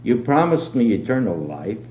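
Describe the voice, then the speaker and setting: A man reading aloud and voicing an indignant traveling businessman who yells his complaints. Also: medium pitch, very animated, moderate pace, voice pushed up, close to an everyday voice. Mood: baffled. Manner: outraged, shouting complaints. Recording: dull, roomy old home tape with hum.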